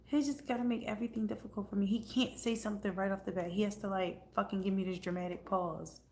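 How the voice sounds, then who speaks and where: A woman's voice: medium pitch, fairly even intonation, fast, darkish tone. A woman chatting casually on a livestream, blunt and profane. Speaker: livestream host.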